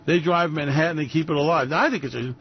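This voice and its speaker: A brash New man hosts a radio show, his voice sitting a touch high. He rants in a mocking tone with loud bursts, and the audio is dull and lo-fi. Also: quick pace, breathy edge. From New York. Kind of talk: ranting commentary.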